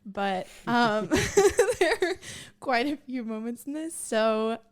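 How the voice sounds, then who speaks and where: A woman guest on a podcast, speaking casually in a halting, thoughtful way with many pauses. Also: on the high side, very animated. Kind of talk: casual chat.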